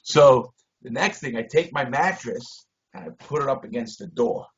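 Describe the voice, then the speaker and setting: A man telling a story on a video call, blunt and profane, shifting between loud bursts and low mutters. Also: animated, normal speed. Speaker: interview guest. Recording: dull lo-fi video call audio.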